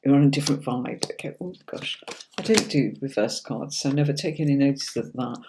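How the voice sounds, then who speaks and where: A middle-aged woman with a bass voice and steady tone speaks briskly over background noise as she gives casual tarot readings on a livestream. She chats to viewers, reads their comments out, and replies to them by name, often calling them darling or sweetie.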